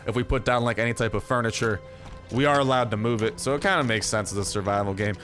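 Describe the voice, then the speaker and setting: A man's voice: medium pitch, quick pace, fairly bright tone. Young male gaming YouTuber, loose filler-heavy jokey delivery, faint music bed underneath. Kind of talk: casual gameplay commentary.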